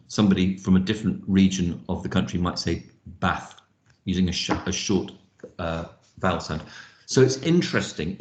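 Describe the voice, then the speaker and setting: Guy giving an online phonics-style lecture, thoughtful, slow when he sounds things out, roomy echo. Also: sits low, a little mellow, lo-fi sound. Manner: thoughtful, sounds words out slowly. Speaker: teacher trainer.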